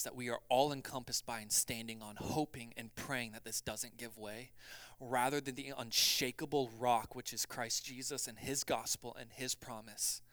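A male pastor preaching a sermon, moving from quiet reflection to loud, urgent passages and acting out quoted voices in a conversational way. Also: mid-range voice, no echo.

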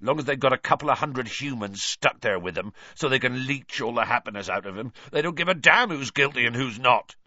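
A man voicing a huge, gruff half-giant gamekeeper who speaks in rough dialect, tearful and gloomy, for an audiobook. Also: medium pitch, expressive, a little fast, hardly any pauses, pushed and bright, dry recording, lo-fi sound, voice pushed up.

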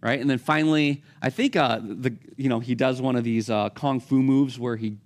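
A man's voice: medium pitch, fairly even intonation, moderate pace. A man preaching a conversational sermon, acting out the lines of the people in his stories. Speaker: pastor.

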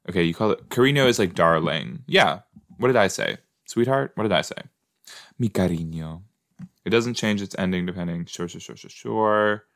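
A man with a low, slightly bright, clean-toned voice hosts a podcast. Watching a show, he offers casual, playful reaction commentary and laughs easily.

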